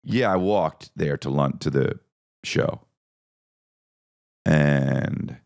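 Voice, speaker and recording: Low gravelly-voiced man telling stories. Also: very slow, darkish tone. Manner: rambling, profane, with sarcastic asides. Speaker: podcast host and stand-up comedian. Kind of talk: casual comedic storytelling.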